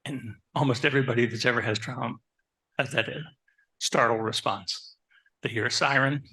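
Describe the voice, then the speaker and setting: Therapist type, male, husky and pushy delivery, quizzes the crowd, chatty anecdotes. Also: mid-range voice, normal speed. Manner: animated, asks the audience questions; personal anecdotes, conversational. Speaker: therapist giving a talk. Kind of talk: live presentation to an audience.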